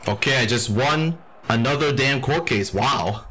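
A man's voice: mid-range voice, measured pace, pushed and bright, rough recording. A young man giving casual, profane gameplay commentary and laughing at the game. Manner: swears freely, laughs at the game. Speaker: gaming YouTuber.

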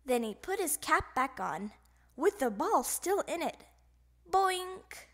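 A woman reading a children's picture book aloud in an animated, expressive way. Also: sits high, measured pace. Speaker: storybook reader. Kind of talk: children's storybook read-aloud.

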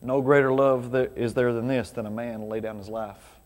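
Man, pastor, casual sermon, mid pitch, echoing hall. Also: fairly even intonation, normal speed, a little mellow. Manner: casual, conversational preaching with rhetorical questions. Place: church sanctuary. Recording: reverberant church hall.

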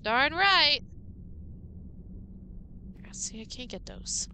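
A woman's voice: high-pitched, expressive, slow, long pauses, noisy background. A woman streaming a horror game live, chatting playfully with her viewers and sounding jittery. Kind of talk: live gameplay commentary.

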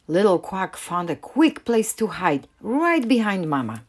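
Slow, expressive storytime reader, woman. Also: medium pitch, slightly rough. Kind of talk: reading a picture book aloud.

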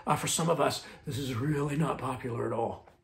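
A man's voice: medium pitch, brisk, vocal fry. A male lead pastor preaching a sermon in a conversational way, often restarting words and repeating key phrases as a refrain.

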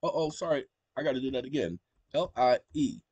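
A man's voice: medium pitch, lively intonation, a little fast, darkish tone, breathy edge, no echo. A man hosting his own channel, talking casually as he walks through a screen share and dictates commands aloud to a voice assistant at his computer. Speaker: channel host.

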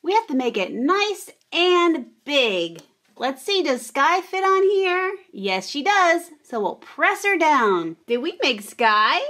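A woman hosting a children's toy show, narrating playfully in a gentle, patient teaching tone. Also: sits high, sing-song, slow pace.

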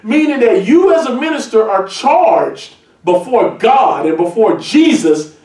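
Man, pastor, emphatic sermon, shouted peaks, distant mic. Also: very high voice, sing-song, unhurried. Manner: emphatic, builds to shouted points. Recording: echoey church heard from a distance.

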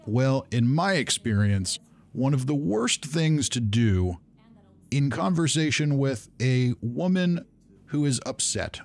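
A man's voice: medium pitch, creaky, a little mellow. Guy doing game commentary, dry sarcastic asides, ordinary mid voice. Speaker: let's play commentator. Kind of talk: gameplay commentary.

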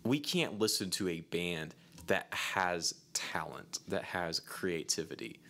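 A man's voice: deep voice, slow, a little hiss or hum. A man co-hosting a casual podcast, chatting animatedly and reading a long passage aloud. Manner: animated, lively, reads a long quote aloud. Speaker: podcast co-host.

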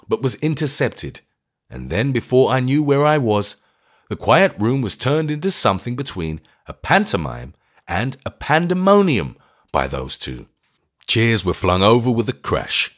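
Male narrator, low voice, animated, audiobook narration, measured. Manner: measured storytelling. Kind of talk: scripted narration.

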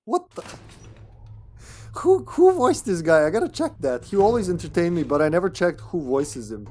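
A man's voice: high-pitched, sing-song, moderate pace, warm tone. Rambling male game streamer. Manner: rambling, stammering, swears and laughs a lot. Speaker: streamer playing a horror game. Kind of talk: casual live-stream commentary.

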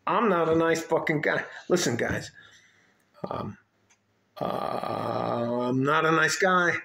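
A man tells a story to his viewers in a casual vlog rant. He is animated and blunt, and he swears freely. His voice is bright and forceful, a little high for a man, and the recording has a roomy echo. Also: takes it slowly, gravelly. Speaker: vlogger addressing his viewers.

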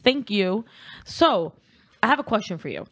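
A young woman from California chats on a podcast in a playful, teasing tone. Her pitch bounces up and down a lot as she talks, and she laughs easily. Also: sing-song, normal speed, fairly bright tone. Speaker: podcast co-host. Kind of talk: casual chat.

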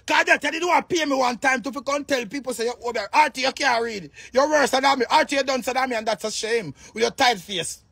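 A Jamaican man rants in a video monologue, his voice pitched very high with a gravelly fry running through it. He is loud and combative, swearing freely and bursting into shouts. The sound is dry, with no room around it. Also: brisk, few pauses, no room sound. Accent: Jamaican Patois. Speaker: online personality.

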